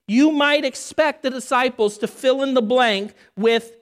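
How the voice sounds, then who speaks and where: A woman preaching a sermon, emphatic, building through repeated phrases and dropping low and quiet to stress key points. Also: expressive, unhurried, hardly any pauses.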